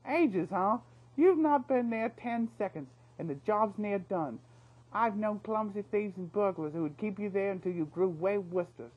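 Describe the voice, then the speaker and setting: A man voicing a boastful, cheeky male mouse thief with a quick patter, for a read-aloud storybook. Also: sits high, highs cut off, pitched above the performer's own voice.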